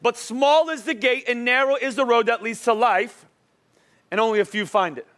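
A man's voice: very high-pitched, moderate pace, a bit bright. A young adult man preaching a sermon in a church, talking casually and energetically, often restarting and asking the crowd "right?". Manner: restarts and repeats words often. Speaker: pastor. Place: church auditorium.

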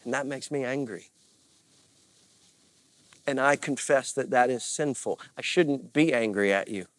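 A man's voice: mid-range voice, unhurried. A man preaching as a pastor, earnest and confessional, with repeated phrases and rising bursts of emphasis. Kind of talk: sermon.

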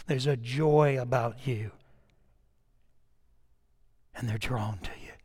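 A middle-aged man preaching a sermon with passion, swinging from loud declarations to hushed storytelling and repeating words as he goes. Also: medium pitch, takes it slowly, slightly rough, big-room sound. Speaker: pastor.

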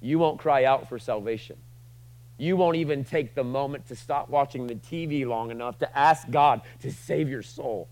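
A man preaching a sermon to a room, casual and joking, swinging from loud passionate lines to quiet asides. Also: medium pitch, normal speed, low-quality recording. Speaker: pastor.

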